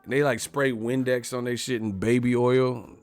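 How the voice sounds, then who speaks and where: A man's voice: medium pitch, little pitch movement, moderate pace, clear, resonant tone, faint music behind. A man hosting a casual live stream, profane and laughing often as he reacts to the chat.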